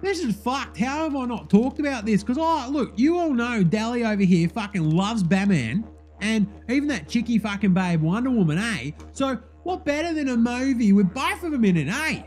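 A brash, foul-mouthed Australian bogan bloke, as a man puts him on, loud and rowdy in his talk. His voice sits high and keeps swearing. Faint music runs underneath. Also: animated, moderate pace. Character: brash crude Aussie bogan basketballer man.

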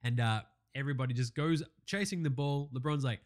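A man's voice: mid-range voice, moderate pace. A young Australian man hosting a basketball recap show, chatting casually with lots of swearing and jokes. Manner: profane, joking, excitable banter. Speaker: basketball podcast host.

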